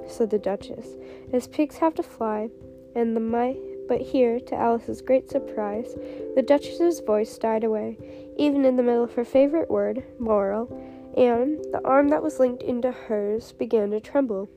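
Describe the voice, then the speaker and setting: A woman narrating a storybook in a measured, clear reading. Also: a little high, fairly even intonation. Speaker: audiobook narrator. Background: background music.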